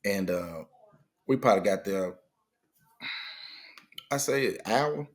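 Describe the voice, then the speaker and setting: This middle-aged man has a fairly low voice and a slow pace. As a guest in casual talk, he relates a story with energy and acts out the lines of the people he quotes.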